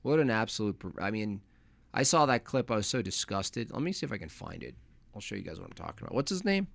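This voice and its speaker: A man's voice: on the low side, sing-song, quick pace, vocal fry, fairly bright tone, no room sound. A man hosting a livestream, reading chat and ranting in a mocking, opinionated way. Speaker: livestream host.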